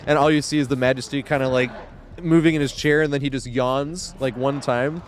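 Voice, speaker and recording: A man's voice: mid-range voice, steady tone, brisk, slight background noise. Rambling, eager male game streamer. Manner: rambling, enthusiastic retelling with many fillers. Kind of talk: casual chat while streaming a game.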